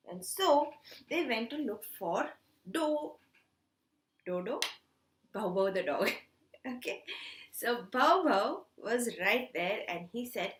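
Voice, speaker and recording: Woman storyteller for kids; high, bright, slow and animated, recorded in an echoey room. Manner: animated, asks children questions. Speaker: storytelling teacher. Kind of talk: storytelling for children.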